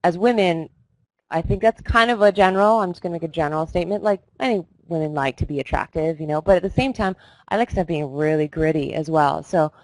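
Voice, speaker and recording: A woman actress answering interview questions, thinking aloud with many fillers and restarts, lively when she tells a story. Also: on the low side, fast, rough recording. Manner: thoughtful, hesitant with fillers, laughs while telling stories. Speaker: actress guest. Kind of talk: live online interview.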